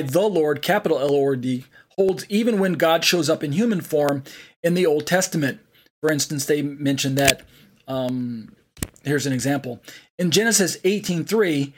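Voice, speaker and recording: A man's voice: fairly high pitch, a little hiss or hum. A man teaching an online Bible study, reading passages aloud and explaining them with frequent fillers and restarts.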